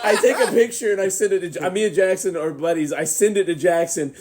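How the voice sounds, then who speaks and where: A man's voice: high voice, quick pace, over a noisy crowd. A young man hosting a podcast, telling a long rambling anecdote with frequent laughs in a casual chat. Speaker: podcast host.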